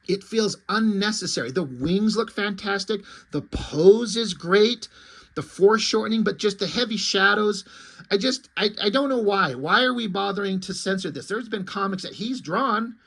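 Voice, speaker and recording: Man, high-pitched, casual comic reviewer; blunt, swears a lot, meanders with ums. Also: a bit bright. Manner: blunt, opinionated, swears freely; rambling, with frequent ums and trailing asides.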